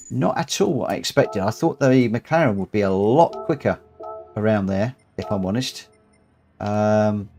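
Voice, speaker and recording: A middle-aged man hosting a racing game live stream, chatting in a relaxed, rambling way and often repeating his phrases. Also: lowish voice, gravelly, breathy edge.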